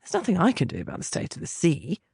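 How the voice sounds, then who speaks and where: A woman voicing a composed young aristocratic gentleman who speaks mildly and evenly, in an audiobook. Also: a little high, fast talker, vocal fry, slightly rough, no echo, clean studio sound, exaggerated voice. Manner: mild, even, unruffled.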